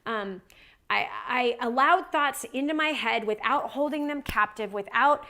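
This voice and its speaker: A woman's voice: a little high, measured pace, pushed and bright. A woman preaching in a conversational storytelling way, repeating phrases for emphasis and dropping in tag questions like "right?". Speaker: Christian speaker. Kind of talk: storytelling sermon.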